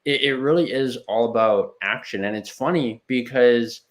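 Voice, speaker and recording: A man's voice: medium pitch, normal speed. A man hosting an interview show, speaking in an affirming, meandering way with many restarts. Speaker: show host. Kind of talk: interview conversation.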